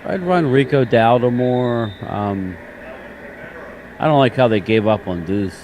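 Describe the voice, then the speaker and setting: A man's voice: mid-range voice, unhurried, muffled recording, a little hiss or hum. A man hosting a live sports reaction stream, tired and chatting casually, joking and reading viewer comments aloud.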